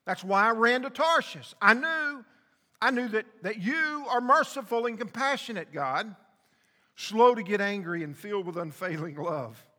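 A man's voice: sits high, expressive, normal speed, pushed and bright, in a large hall, voice pushed up. A male preacher voicing an indignant prophet who complains to God, whiny and exasperated.

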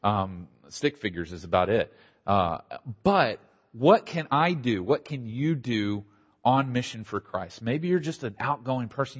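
A middle-aged man, a pastor, giving a conversational conference talk with quick asides and a slight Southern accent. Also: medium pitch, animated, breathy edge. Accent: slight Southern American. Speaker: pastor and church planter. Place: conference hall. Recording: dull audio in a large hall.

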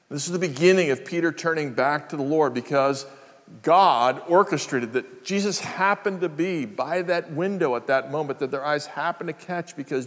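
Older man, pastor, earnest sermon, repeats phrases, slightly high voice, long reverb.

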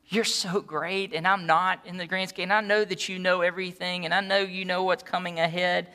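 A man preaching a sermon as a pastor, earnest and pleading, moving between quiet, soft passages and impassioned ones. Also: high-pitched, little pitch movement, brisk, clear, resonant tone.

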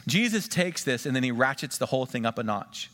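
A man preaching a sermon, swinging between emphatic rises and quiet drops, and drawing the congregation into questions and call-and-response. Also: medium pitch, expressive, a little fast. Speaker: pastor. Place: church sanctuary. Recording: long church reverb.

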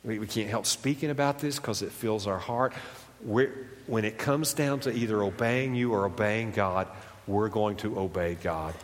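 An American man with a slight Southern drawl, a pastor preaching a sermon in a conversational, animated way that swings up and down. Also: fairly low pitch, normal speed. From United States. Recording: long reverb of a church hall.

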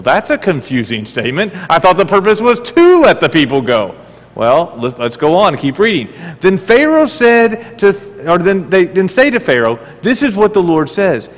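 A middle-aged man delivers a sermon from the pulpit, his voice a touch high for a man. He talks in an animated way, asks rhetorical questions and repeats words as he goes. The sound carries a long reverb, as in a large church hall. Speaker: pastor.

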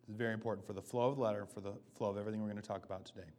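A man in his thirties, a pastor giving a relaxed, conversational sermon, often checking in with "right?" and joking at his own expense. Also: fairly low pitch, racing, hardly any pauses. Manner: casual, self-deprecating, often asks "right?".

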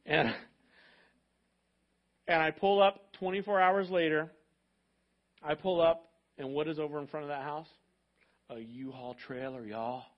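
A male pastor telling a story in a sermon, in a conversational way that moves between hushed and loud. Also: on the high side, fairly even intonation, a little slow, long pauses, dull audio. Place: church sanctuary.

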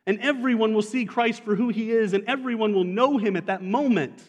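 A man preaches to his congregation in an easy, conversational way, often putting questions to the listeners. His voice sits a little on the high side. The sound carries the long reverb of a church sanctuary. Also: a little fast, hardly any pauses, lo-fi sound. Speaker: pastor. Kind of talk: sermon.

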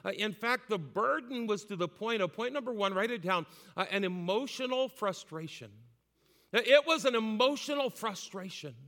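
High, bright-voiced preacher man in a hall. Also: expressive, moderate pace. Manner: impassioned preaching, frequent "uh" fillers and repetitions. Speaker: pastor. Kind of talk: sermon. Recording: long hall reverb.

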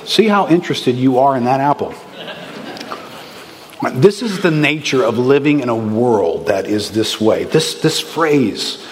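A man preaching a sermon in a lively, conversational way, with bursts of excitement. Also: mid-range voice, a little slow, a little hiss or hum. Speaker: pastor. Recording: reverberant hall with faint ambience.

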